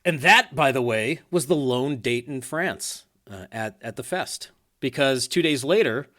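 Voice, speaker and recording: A man's voice: mid-range voice, lively intonation, measured pace, bright, forceful tone. A man hosting a casual podcast chat, talking loosely with fillers, restarts and easy laughs. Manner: chatty, laughs easily, many fillers and restarts. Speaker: podcast host.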